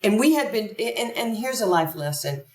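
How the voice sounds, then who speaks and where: An older woman, a podcast guest, telling long stories in an animated, long-winded way. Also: medium pitch, normal speed. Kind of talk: conversational storytelling. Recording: echoey room, distant from the mic.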